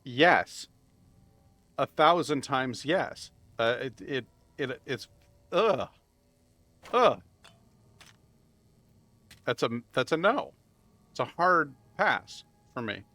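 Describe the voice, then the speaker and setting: A man streaming a video game live, chatting casually and rambling as he plays, swearing freely and laughing loudly at chat. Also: medium pitch, expressive, slow, no echo. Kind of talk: live gameplay commentary.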